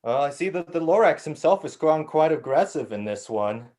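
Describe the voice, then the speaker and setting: A man's voice: fairly high pitch, lively intonation, brisk, a little mellow, close to an everyday voice. A man improvising a polite, formal news interviewer with stiff phrasing. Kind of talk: improv comedy.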